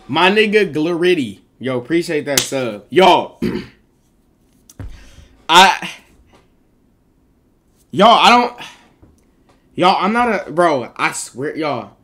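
Young guy streamer, rambling and hyped, bright voice that jumps up and down a lot. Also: a little high, takes it slowly, long pauses. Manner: excitable, rambling, lots of repeated protests. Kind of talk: casual live-stream reaction.

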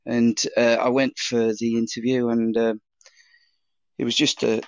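A man, mid-pitched, recounts his career in a chatty, meandering way. He pauses on fillers and restarts his sentences often. The recording is dry and a little dull. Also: flat delivery, a little mellow, dry recording. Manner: rambling anecdotes with fillers and restarts. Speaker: chef guest. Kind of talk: casual interview storytelling.

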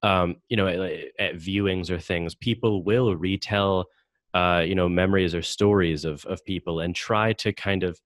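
Male podcast host, deep voice, dry close sound, halting casual delivery full of fillers. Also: fairly even intonation, no room sound. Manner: hesitant, many fillers and restarts. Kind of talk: casual conversational discussion.

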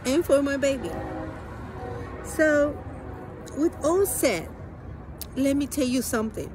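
A woman's voice: sits high, lively intonation, music in the background. Earnest woman. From Spanish-speaking country. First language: Spanish. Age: adult. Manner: earnest, halting, emotional storytelling. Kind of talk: personal testimony.

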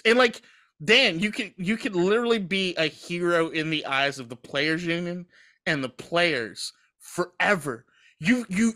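Co-host type: male, higher-pitched, sharp bright tone, crude and animated, casual sports talk. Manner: profane, animated, laughs often. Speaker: podcast co-host. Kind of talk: casual sports podcast chat.

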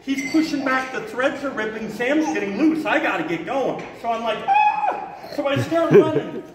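A man giving a live talk as a raptor handler to an audience, an animated storyteller who acts out the voices and shouts in his story. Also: extremely high pitch, moderate pace, noisy background. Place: hotel event room with an audience. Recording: echoey hall, far from the mic, crowd audible.

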